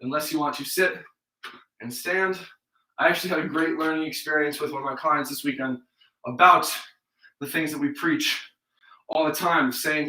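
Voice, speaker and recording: A man's voice: a little high, normal speed, long pauses, sharp tone. A young man leading a live workout class, encouraging and counting reps while he exercises, out of breath. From New York or Vermont, US. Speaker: fitness instructor. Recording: roomy sound from a distant mic.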